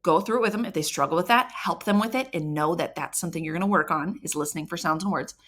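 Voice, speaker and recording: A woman reading coach explaining to parents how to help children read, upbeat and encouraging, sounding out syllables slowly and clearly. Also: fairly low pitch, fairly bright tone. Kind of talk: instructional talk to parents.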